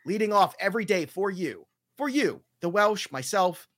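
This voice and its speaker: A man's voice: high-pitched, animated, normal speed, a bit bright, husky. A man hosting a casual podcast, upbeat and promotional as he plugs the show. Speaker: podcast host.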